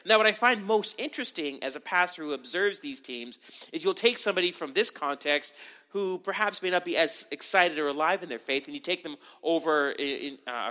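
Bright-voiced pastor preaching conversationally. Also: male voice, on the high side. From Canada. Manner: animated, frequent "right?" asides and restarts. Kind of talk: conversational sermon.

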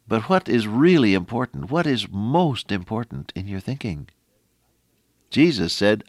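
A middle-aged man preaching a folksy radio sermon, quoting scripture in an animated way. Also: on the low side, normal speed, gravelly, no echo, clean studio sound.

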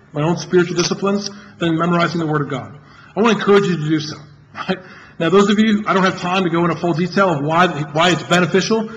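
A pastor preaching a sermon to his congregation in an earnest, emphatic way, repeating key phrases and pausing for effect. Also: on the high side, fairly bright tone, highs cut off, a little hiss or hum.

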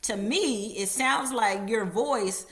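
A woman's voice: fairly high pitch, takes it slowly, a bit bright. Encouraging woman hosting an interview. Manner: encouraging, lots of affirming fillers. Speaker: interview host. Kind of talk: casual interview talk.

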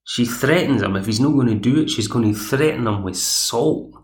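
A man's voice: medium pitch, moderate pace. A man, chatting through an episode recap as podcast host. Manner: chatty, digressive. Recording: echoey room.

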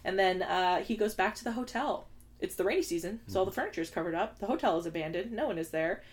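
A woman's voice: medium pitch, fast. A young woman co-hosting a podcast, recapping a film in casual chat and acting out quoted lines in exaggerated voices. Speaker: podcast co-host.

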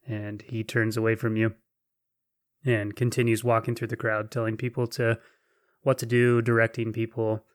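Game master, male, steady flat delivery, dry booth sound, gentle and slow. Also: on the low side, no room sound. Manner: gentle, slow descriptive narration. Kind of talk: narrating a tabletop game.

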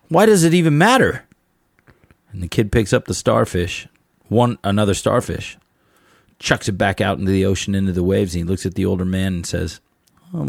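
Preaching bluntly and heatedly to fellow musicians, this middle-aged host and musician from Southern California wanders through stories in a casual monologue on his show. His voice runs on the low side and is creaky, captured at studio quality with no room sound.

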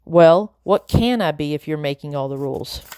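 A woman's voice: low voice, expressive, moderate pace, dark tone, clean tone, dry recording, clean studio sound. A woman reading aloud, voicing a tired, defensive father speaking in a tight, flippant tone.

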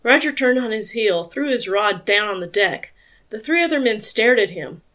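Her voice on the high side, a woman delivers scripted audiobook narration in an even, measured way.

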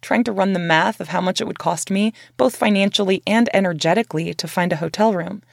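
A woman's voice: on the low side, fairly quick, gravelly, few pauses, no room sound, clean studio sound. A woman reading her memoir aloud as narrator, in a candid, conversational way with casual swearing.

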